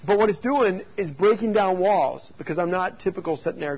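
A man, a youth pastor, teaching youth leaders through animated, joking stories and rhetorical questions. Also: high voice, fairly quick, few pauses, husky, dull audio.

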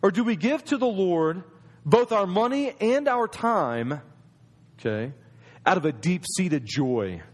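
A man's voice: high-pitched, big pitch swings, slow. A man preaching a sermon in a conversational storytelling way, acting out the voices of people in his stories. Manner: storytelling, acts out quoted voices.

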